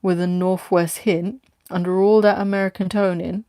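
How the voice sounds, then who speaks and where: A woman's voice: fairly low pitch, little pitch movement, moderate pace, warm tone, dry recording, studio quality, close to an everyday voice. A woman voicing a brash, taunting female hired tough from London in a read-aloud story. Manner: taunting, blunt.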